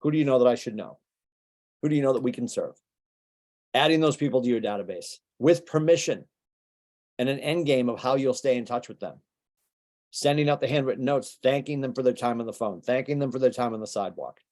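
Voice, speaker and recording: A male business coach gives a motivational training talk in a relaxed, mellow voice. He talks casually and keeps firing rhetorical questions at his listeners. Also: medium pitch. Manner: conversational, rapid-fire rhetorical questions.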